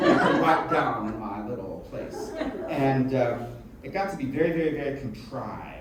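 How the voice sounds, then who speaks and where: Animated man telling stories in an echoey room. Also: medium pitch, unhurried. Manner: animated, self-mocking and frank, swears freely. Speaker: storyteller. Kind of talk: live comic storytelling to an audience. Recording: echoey room from a distant mic with background noise.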